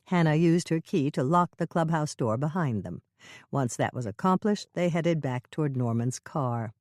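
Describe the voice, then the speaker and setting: A woman narrating a mystery audiobook with expressive storytelling. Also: sits low, normal speed, no echo, studio quality. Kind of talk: scripted narration.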